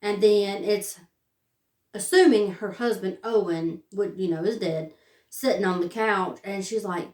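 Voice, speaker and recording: Young woman reviewing a film, slow and rambling, a bit off-mic. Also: medium pitch, darkish tone. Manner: chatty, filler-heavy retelling with many "like"s. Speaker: movie reviewer. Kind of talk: casual movie review. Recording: roomy sound, distant from the mic.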